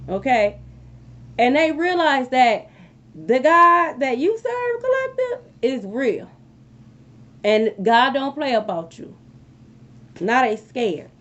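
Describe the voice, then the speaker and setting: A woman giving a casual tarot reading to her viewers, animated and repeating phrases, often checking in with "okay?". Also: high-pitched, slow pace, pauses often, lo-fi sound. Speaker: tarot reader.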